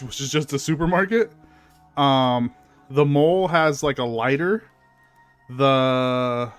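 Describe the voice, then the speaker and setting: A man's voice: medium pitch, smooth, no room sound. Casual male gaming streamer. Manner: chatty, with fillers, reading game text aloud. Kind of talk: casual let's-play commentary.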